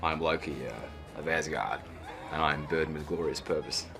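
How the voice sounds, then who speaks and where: Man doing a cool Australian actor, rumbling deep drawl, halting with ums, music under it. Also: vocal fry. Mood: menacing. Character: laid-back Australian male actor voicing a villain.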